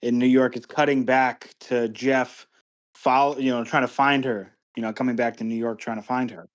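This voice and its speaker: A man's voice: medium pitch, level tone, normal speed. Rambling, hesitant man chatting about a movie. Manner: rambling, hesitant, lots of "like" and restarts. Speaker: podcast co-host. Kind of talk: casual movie review chat.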